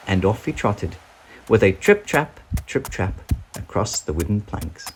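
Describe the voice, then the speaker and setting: A man reading a children's storybook aloud with an expressive, sing-song delivery. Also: fairly low pitch, a little slow, a little hiss or hum, low-quality recording.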